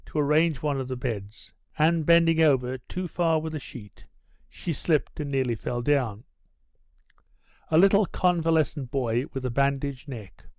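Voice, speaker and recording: A male audiobook narrator reading a classic novel in steady, unhurried scripted narration. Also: fairly high pitch, no room sound.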